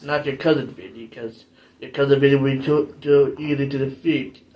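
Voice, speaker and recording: A man's voice: mid-range voice, steady tone, measured pace, dull audio. Rambling man doing casual game commentary. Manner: rambling, jokey, self-deprecating. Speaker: gaming channel host.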